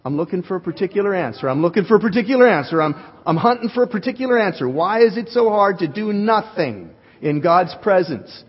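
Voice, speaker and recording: A male pastor preaching an animated sermon, joking with his congregation. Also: sits high, fairly quick, hardly any pauses, breathy edge. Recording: dull recording in a reverberant hall.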